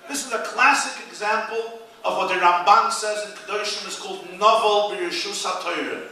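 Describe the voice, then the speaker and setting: A man, a rabbi, giving an animated inspirational speech with storytelling, his voice rising to loud peaks. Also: sits high, normal speed, few pauses. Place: event hall. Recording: echoey hall, speaker far from the mic.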